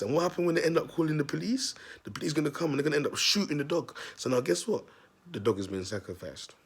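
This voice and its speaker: A man's voice: fairly high pitch, lively intonation, quick pace, gravelly, breathy edge. A man telling a long story to his viewers in street slang, repeating himself and calling out to them as people. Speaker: self-styled prophet vlogger. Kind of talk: rambling storytelling monologue.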